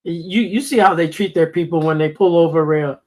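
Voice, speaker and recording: Guy rambling thru stories in a loose chat, kinda high voice. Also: a little mellow, poor audio. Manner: rambling storyteller, retelling funny videos with quick asides. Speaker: panel guest. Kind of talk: casual chat.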